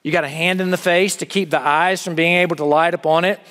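Middle-aged male preacher, chatty sermon style with questions to the crowd, a touch high, heard in a big echoing chapel. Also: fairly even intonation, quick pace, a bit bright. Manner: conversational, with rhetorical questions to the audience. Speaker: campus chapel speaker. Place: large chapel hall. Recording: long reverb of a large hall.

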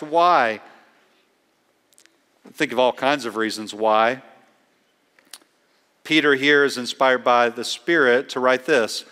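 A man preaching a sermon as a pastor, earnest and emphatic, slowing down to stress key words. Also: fairly high pitch, fairly bright tone, smooth, in a large hall.

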